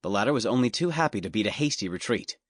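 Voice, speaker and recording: A man with a fairly low voice narrates scripted fantasy audiobook material in a measured, even style. The recording is dry and studio quality, made with a studio microphone.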